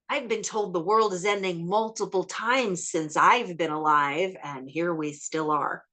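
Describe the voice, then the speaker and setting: A woman with a fairly low voice leads a healing session in a calm, matter-of-fact way. She counts methodically through long lists of numbers. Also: a little slow, hardly any pauses. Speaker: ancestral healing facilitator.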